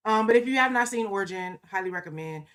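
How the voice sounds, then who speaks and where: Woman co-host, mid-pitched, emphatic and colloquial, keeps checking in with the listener. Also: animated, fast, fairly bright tone. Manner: emphatic, punctuates points with "okay?"; colloquial, quotes others in mocking asides. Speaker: podcast co-host. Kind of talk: casual conversational commentary.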